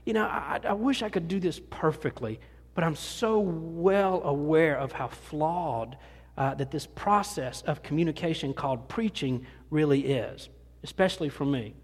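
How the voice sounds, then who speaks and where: Preacher guy, kinda high voice, chatty and self-mocking, lots of restarts, echoey church hall. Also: unhurried, slightly rough. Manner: folksy and self-deprecating, rambling with many restarts. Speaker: pastor. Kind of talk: conversational sermon. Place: church sanctuary. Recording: long hall reverb.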